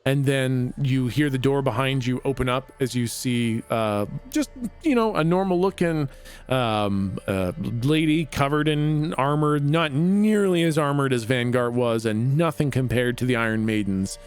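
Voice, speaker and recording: A man narrates a tabletop role-playing game as the game master. He talks in a casual, halting way and often stops to search for words. Faint music runs in the background. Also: mid-range voice, clean tone.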